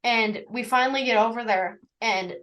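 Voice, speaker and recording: A woman's voice: a little high, moderate pace, fairly bright tone, low-quality recording. A teenage girl telling a story casually as a guest, rambling and full of fillers like "like" and "anywho.". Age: teens. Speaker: young shepherd guest.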